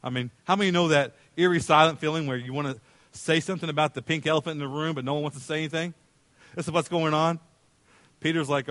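A male pastor delivering a sermon, acting out voices in the story and moving from loud calls to hushed tender lines. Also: a little high, fairly even intonation, fast, no room sound. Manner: dramatic, acts out voices in the story.

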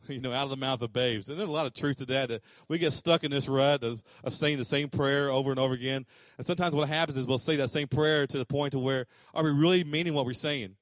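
A man's voice: mid-range voice, fairly even intonation, brisk, no room sound, clean studio sound. A middle-aged man, preaching a sermon in a conversational way that rises to emphatic questions. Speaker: pastor.

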